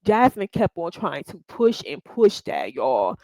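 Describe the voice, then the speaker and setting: A woman's voice: medium pitch, very animated, unhurried, a little mellow, dry recording, poor audio. A woman hosting a reaction video, talking in blunt, profane, scolding commentary. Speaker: reaction channel host.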